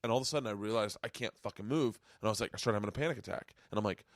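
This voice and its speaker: A man hosting a podcast, telling a rambling, excitable story in casual chat. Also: fairly low pitch, racing, no echo, clean studio sound. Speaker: podcast host. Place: home studio.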